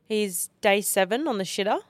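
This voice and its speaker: A woman's voice: mid-range voice, animated, moderate pace. A woman co-hosting a podcast in casual chat, blunt and swearing freely, close to the mic. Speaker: podcast co-host.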